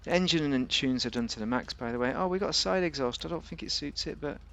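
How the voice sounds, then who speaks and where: A man's voice: fairly high pitch, quick pace, vocal fry, sharp tone. A man giving a casual, rambling, jokey commentary while reviewing a car in a video game.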